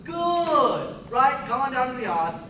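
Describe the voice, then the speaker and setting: A man playing a blustering male comedy police inspector who announces pompously and shouts, in a live stage sketch recorded from far off in an echoey hall. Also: very high-pitched, big pitch swings, slow, noisy background, exaggerated voice.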